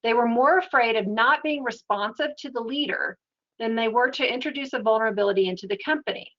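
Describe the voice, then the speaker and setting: A woman giving an educational webinar talk in a steady, explanatory, conversational way. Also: fairly high pitch, a little fast, muffled recording. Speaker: webinar presenter.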